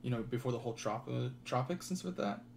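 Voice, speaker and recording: Lively, chatty man over keyboard clicks. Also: medium pitch, quick pace, creaky, slight background noise. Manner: chatty, laughs easily, lively swings in tone. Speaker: let's play host. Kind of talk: casual gameplay chat. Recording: home mic with loud keyboard clicks. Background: keyboard typing and mouse clicks.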